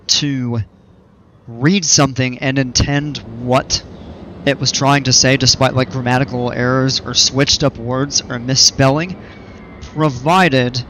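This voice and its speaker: Casual male streamer, rambling, mid-pitched, faint background noise. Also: fairly bright tone. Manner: rambling, chatty, explains at length. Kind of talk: casual livestream chat while playing.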